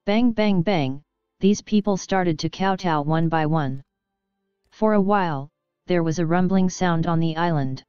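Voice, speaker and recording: A woman narrating a web novel audiobook in a steady, even storytelling manner, in a dull recording with faint music behind. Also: on the low side, unhurried, smooth, no echo.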